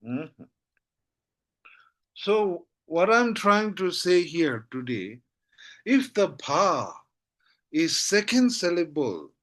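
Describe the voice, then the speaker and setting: Slow, patient male teacher. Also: on the high side, a bit bright. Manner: patient, repeats syllables slowly, checks understanding often. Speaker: Tibetan language teacher. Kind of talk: slow spoken lesson.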